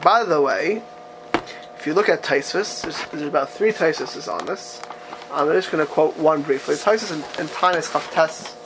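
A man teaching a religious text class, reading passages aloud and asking the students rhetorical questions in an animated way. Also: a little high, background noise. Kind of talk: text-study lecture to a class.

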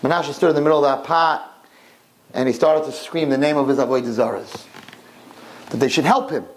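A man's voice: medium pitch, steady tone, a little fast, slight background noise, rough recording. A man giving a sermon to a room of girls, telling a story dramatically with emphatic repetition. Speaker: religious teacher addressing girls.

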